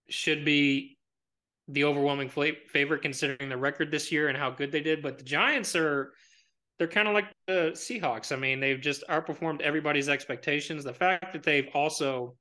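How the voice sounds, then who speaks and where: Male sports pundit, bright forceful voice, rambling but sure of his picks. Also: on the high side. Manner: rambling with many fillers and restarts; confident bold predictions. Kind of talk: casual sports talk.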